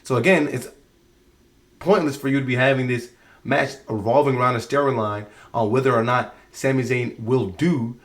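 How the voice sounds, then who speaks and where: Give me an exasperated man with an average-pitched voice, rambling through a casual review. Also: moderate pace. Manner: exasperated, rambling with frequent restarts. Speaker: wrestling show reviewer.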